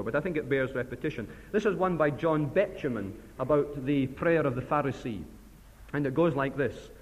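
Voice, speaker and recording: A man preaching a sermon to a church assembly, passionate, swinging between loud emphasis and hushed asides. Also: mid-range voice. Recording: long hall reverb.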